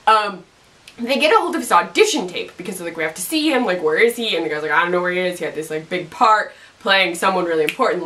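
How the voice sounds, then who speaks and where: Animated, bright-voiced young woman rambling. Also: mid-range voice, far from the mic. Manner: goofy, rambly, acts out lines in silly voices. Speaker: TV recap vlogger. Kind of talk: casual rambling recap.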